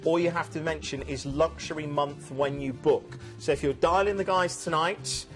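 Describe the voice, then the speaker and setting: A man presenting cruise deals on a shopping channel, chatty and animated with jokey asides. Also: on the high side, normal speed, soft background music. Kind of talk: shopping channel sales chat.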